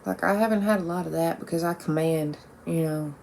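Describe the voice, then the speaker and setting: A woman's voice: sits low, a little fast, gravelly, darkish tone, slight background noise. A woman talking bluntly and profanely in a rambling casual monologue, with lots of "like"s. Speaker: vlogger.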